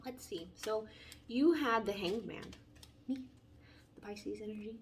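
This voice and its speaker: A young woman giving a casual, playful tarot reading, chatty and animated as she talks through the cards. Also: mid-range voice, a little slow, a little hiss or hum. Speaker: tarot reader.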